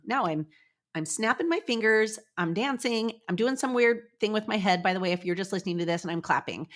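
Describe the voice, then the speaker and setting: A middle-aged woman hosting a motivational solo podcast from her office, upbeat and chatty, talking straight to her listeners. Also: medium pitch. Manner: upbeat, chatty, animated, addresses listeners directly. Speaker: podcast host.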